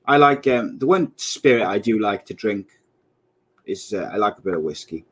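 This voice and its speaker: A man's voice: fairly low pitch, expressive, normal speed, husky. A man in his thirties co-hosting a podcast in casual, joking chat, often laughing at his own jokes. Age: 30s. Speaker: podcast co-host.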